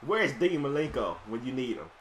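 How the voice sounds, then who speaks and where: A man's voice: mid-range voice, very animated, a little fast, fairly bright tone, a little hiss or hum. A man commentating his own video game match, brash and profane, trash-talking his opponent in casual chat. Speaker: gameplay commentator.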